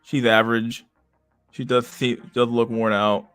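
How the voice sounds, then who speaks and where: A man's voice: medium pitch, level tone, a little slow, a bit bright, clean tone, no room sound, faint music behind. A man streaming casual commentary, reading comments aloud in a rambling, stammering way with frequent laughter.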